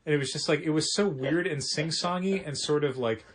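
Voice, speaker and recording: A man's voice: fairly high pitch, brisk, a little hiss or hum. Chatty man telling a phone story. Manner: animated storytelling with quoted phone voices. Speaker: podcast co-host, comic shop co-owner. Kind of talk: casual podcast chat.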